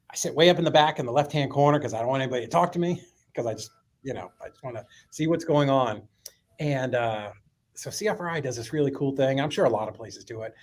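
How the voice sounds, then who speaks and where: Male guest storyteller, middle pitch, animated, casual, profane. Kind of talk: storytelling in a podcast interview.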